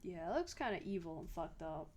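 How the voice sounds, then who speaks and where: A woman's voice: lowish voice, sing-song, brisk, slight background noise. A woman from Australia chatting casually to her live stream viewers while she draws, giggling and muttering to herself as she works.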